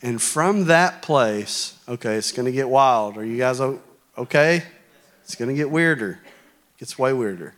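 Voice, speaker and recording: A man's voice: mid-range voice, lively intonation, measured pace, fairly bright tone. A man preaching a sermon in a church hall, talking conversationally and joking with the congregation.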